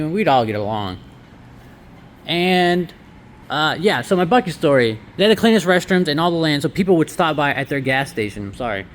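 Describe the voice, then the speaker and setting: Chatty sarcastic man, fairly high voice. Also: very animated, normal speed, a bit bright. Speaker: laundromat owner. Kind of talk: casual vlog walkthrough. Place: inside a laundromat.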